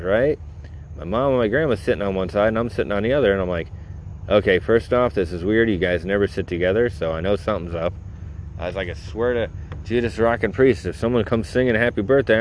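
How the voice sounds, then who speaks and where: Low-voiced man rambling through a story. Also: a little mellow, slight background noise. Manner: rambling, full of "you know" and fillers; acts out his own reactions in quoted asides. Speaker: podcast host. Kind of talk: casual storytelling monologue.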